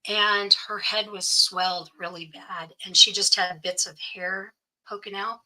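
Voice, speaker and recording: A middle-aged woman, appearing as an interview guest, earnestly tells a personal story, quoting other people's lines and saying "you know" again and again. Her mid-range voice is steady, a little slow, and pushed and bright, captured on poor audio.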